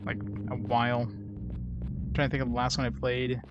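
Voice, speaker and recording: A man's voice: medium pitch, fairly even intonation, moderate pace, muffled recording. A man playing through a role-playing game and commenting on it casually, in a wry, sarcastic way with lots of fillers. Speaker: let's play host.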